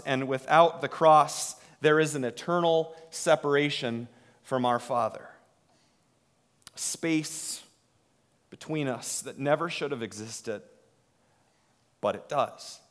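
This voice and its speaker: Brief: male pastor, sermon delivery, unhurried and slightly high-pitched, long reverb tail. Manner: slow, dramatic delivery with hushed drops and swells.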